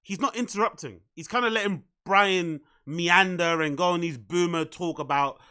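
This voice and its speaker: A man's voice: high-pitched, normal speed, pushed and bright, clear, resonant tone. A man streaming casual reaction commentary, mocking and profane, repeating his punchlines.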